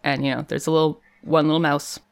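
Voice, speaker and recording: A woman with a low voice talks through a TV episode with a friend. She is chatty and animated and laughs often, as in a relaxed podcast chat. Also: quick pace, vocal fry, smooth. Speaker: podcast co-host. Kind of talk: casual chat recapping a TV episode.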